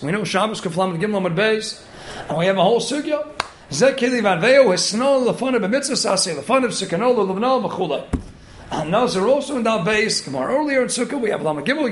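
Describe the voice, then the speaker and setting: A man with a strikingly high voice gives a Torah study lecture. His delivery is animated and urging, and he weaves Hebrew and Yiddish terms through his English. A faint noise sits under the recording. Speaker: Torah teacher.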